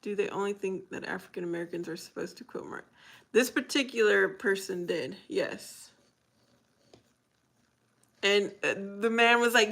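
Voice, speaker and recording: A woman's voice: medium pitch, moderate pace, gravelly, long pauses, a bit bright. A woman hosting a casual livestream, chatting with viewers, reading their comments aloud and laughing often. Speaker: livestream host.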